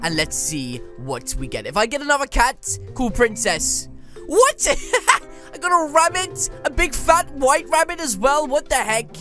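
An excitable woman commenting on a game in a high voice that leaps all over. She slips into playful mock trash talk as she plays. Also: a little slow, faint music behind. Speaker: gaming YouTuber.

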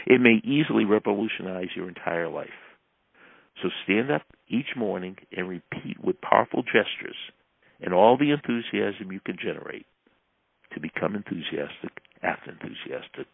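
A man with a husky, gravelly low voice reads a self-help text as a coach would, leaning hard into stressed words and letting others fall away. The sound is thin and tinny like a phone line. The room is dry, with no echo. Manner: emphatic, swinging between loud stresses and quiet asides. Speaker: motivational coach. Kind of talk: reading a self-help book aloud.

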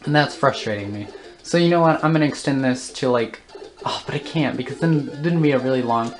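A woman's voice: very deep voice, fairly quick, soft background music. A woman giving casual commentary while playing a video game, often flustered and groaning at it. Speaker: let's play host.

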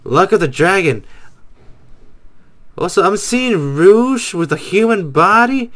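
Guy doing a reaction vid, super animated voice, bright and sharp, keeps yelling oh god and laughing. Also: sits high, slow. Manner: excitable, exclamatory, laughs a lot. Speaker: reaction video host. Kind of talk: casual reaction commentary.

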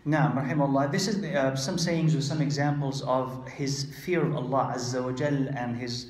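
A man giving a conversational religious lecture, acting out quoted exchanges and pausing with frequent fillers. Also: mid-range voice, fairly even intonation, darkish tone, reverberant. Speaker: Islamic lecturer.

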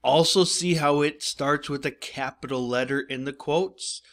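A man's voice: fairly high pitch, measured pace, fairly bright tone. A male teacher giving a recorded lesson, explaining step by step and speaking straight to his students. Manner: explanatory, addresses students directly.

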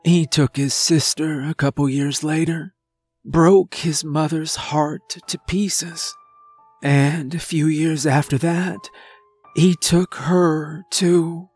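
A man voicing a grim, guarded old rural farmer who talks in a slow, drawling way, with a pitch raised above his own and a changed timbre. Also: fairly even intonation, a little mellow, breathy edge, faint music behind. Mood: grim, weary. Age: older.

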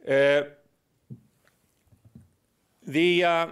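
Brief: middle-aged man lecturing in English, slightly high voice, wry humor, pauses on "uh". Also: fairly even intonation, smooth. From Iceland. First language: Icelandic. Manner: explanatory with dry humor, hesitant fillers. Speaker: guest lecturer. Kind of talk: public lecture.

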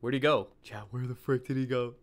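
A young man streaming a horror game, chatting with viewers in slang and yelping and shouting at every scare. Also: medium pitch, brisk. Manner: excitable, yelps and shouts at scares. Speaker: gaming streamer. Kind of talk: live gameplay commentary to chat.

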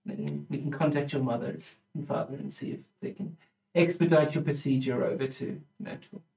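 A man narrating as the dungeon master in a tabletop game, chatty and hesitant, with quick asides. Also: a little high, steady tone, creaky, a little mellow. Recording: roomy room, distant mic, music underneath.

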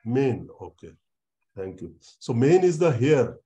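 A man giving an online university lecture, explaining slowly and repeating words with many fillers. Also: mid-range voice, very animated, dark tone.

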